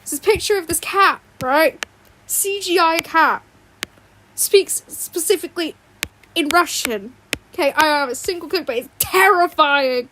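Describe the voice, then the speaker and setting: A woman's voice: extremely high pitch, a little slow, sharp tone. A woman streamer chatting casually from her bedroom while drawing, rambling and giggly, often apologising. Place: home bedroom. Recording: fan noise in background. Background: fan hum.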